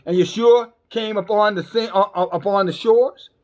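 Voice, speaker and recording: A man's voice: high voice, fairly even intonation, moderate pace. A man preaching a sermon in a blunt, emphatic, scolding way, often repeating words as he stumbles. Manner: scolding, calls listeners sisters and brothers.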